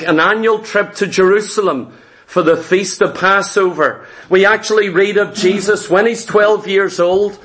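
A man's voice: high-pitched, a bit bright. A male preacher delivering a sermon, emphatic and rhythmic, with repeated phrases.

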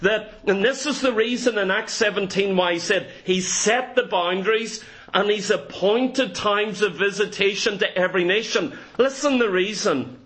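A man with a Northern Irish accent preaches with fervent emphasis. His voice sits high for a man. He drives his points home with rhetorical questions, building each one. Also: normal speed, fairly bright tone. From Northern Ireland. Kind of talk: sermon.

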